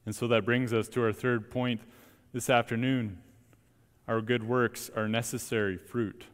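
A young man, a student preacher, delivering an earnest, emphatic sermon with deliberate pauses in a church. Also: medium pitch, level tone. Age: young adult. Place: church sanctuary. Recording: long church reverb.

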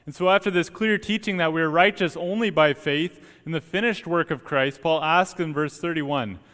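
A young man, a student preacher, delivering an earnest, emphatic sermon with deliberate pauses in a church. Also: fairly high pitch, fairly bright tone. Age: young adult. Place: church sanctuary. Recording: long church reverb.

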